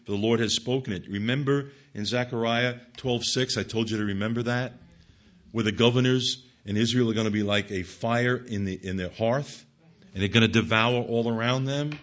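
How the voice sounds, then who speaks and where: A man's voice: medium pitch, moderate pace, fairly bright tone. A man giving an expository Bible teaching, reading scripture aloud and stressing points emphatically to his listeners.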